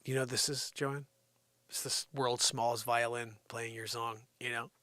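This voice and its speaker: A man hosting a live comedy stream, rambling and teasing an unseen sidekick with a steady stream of "you know.". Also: mid-range voice, unhurried, dry recording. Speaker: livestream comedy host. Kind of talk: improvised comedic rant.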